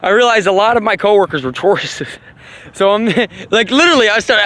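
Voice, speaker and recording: A man rambling casually and profanely, laughing often, in an animated monologue. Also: high voice, fairly quick, slight background noise. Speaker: vlogger on astrology.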